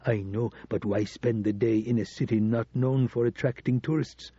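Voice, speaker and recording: A man's voice: medium pitch, steady tone, moderate pace, husky, dry recording, highs cut off, natural voice. A man doing a sly, deferential embassy administrator. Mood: insinuating. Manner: quiet, respectful, insinuating.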